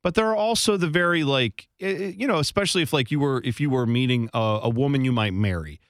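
A man co-hosting a radio talk show, arguing his point in a rambling way with halting restarts. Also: mid-range voice, no room sound, clean studio sound. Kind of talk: casual banter.

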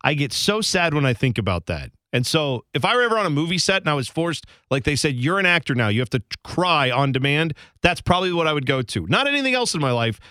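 A man co-hosting a radio show, chatting casually into a studio mic. His voice is bright and sits a little high, with a lively, swinging pitch. The booth sound is close and dry, and he tells his stories in a rambling, self-deprecating way. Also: fast talker, few pauses, no room sound. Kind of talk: casual on-air banter. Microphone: studio microphone.

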